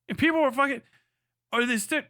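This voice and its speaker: A man's voice: very high-pitched, fairly quick, pushed and bright, dry recording, studio quality. A man ranting on a livestream, heated, sarcastic and full of swearing. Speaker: streamer. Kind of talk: livestream rant.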